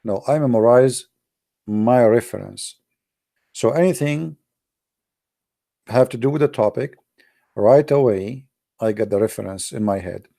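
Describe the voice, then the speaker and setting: A man with an Arabic accent telling stories in broken English, speaking Arabic as his first language, and jumping up high and excited for his punchlines. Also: a little slow, creaky, long pauses. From Arab world. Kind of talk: animated storytelling monologue.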